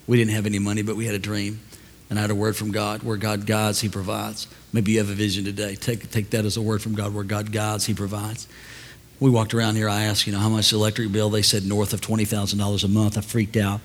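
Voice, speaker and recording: Older male pastor, storytelling sermon, quiet asides building to loud preaching, long church reverb, faint room noise. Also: on the low side. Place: large church hall.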